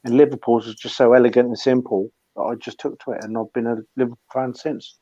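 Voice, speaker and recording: A man's voice: mid-range voice, steady tone, quick pace, warm tone, no echo, dull audio. A man in a casual group chat, teasing the host with blunt banter.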